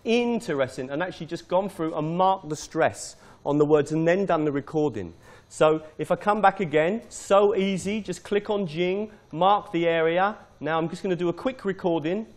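A man's voice: on the high side, normal speed. A middle-aged British man, a teacher trainer, giving an informal step-by-step live demonstration of a teaching tool. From Britain.

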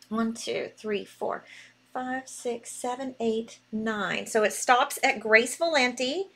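A woman hosting a live jewelry sale stream, excitable and reading buyer names aloud as she types. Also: on the high side, slow pace, gravelly.

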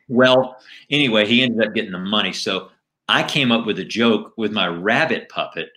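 Man, middle-aged, ventriloquist guest, lowish pitch, bright tone, animated storytelling. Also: moderate pace. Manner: animated anecdotes with jokes. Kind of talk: casual storytelling interview.

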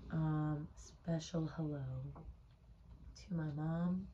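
A young woman reading a children's book aloud at home, speaking slowly and gently in a slightly low voice. Her soft, unhurried talk carries a faint hum of room noise behind it. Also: flat delivery, muffled recording. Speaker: home reader. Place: home corner indoors.

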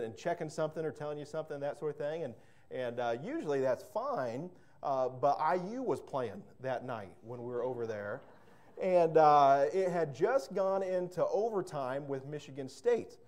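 A man's voice: a little high, darkish tone. A man preaching a sermon as pastor, fervent and emphatic, repeating words and breaking into storytelling asides.

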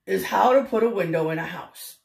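A woman's voice: mid-range voice, fairly quick, vocal fry, lightly acted. An older woman voicing an earnest, friendly male bear building his own house in a storybook, sounding eager and pleading. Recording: roomy echo.

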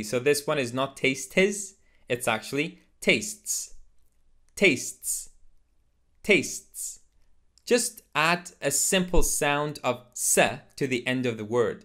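A man teaching English pronunciation, repeating each word slowly and deliberately for learners. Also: mid-range voice, a bit bright. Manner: slow, deliberate repetition of words for learners. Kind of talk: scripted lesson to camera.

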